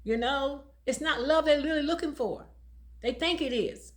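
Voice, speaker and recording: A woman's voice: high-pitched, normal speed. A woman in her sixties, a domestic violence advocate speaking casually to the camera, emphatic and preachy and laughing often between her points.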